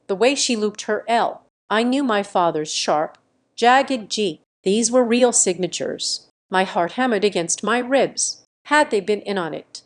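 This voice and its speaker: A woman reading a first-person revenge story as scripted narration, in an even, measured way. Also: medium pitch.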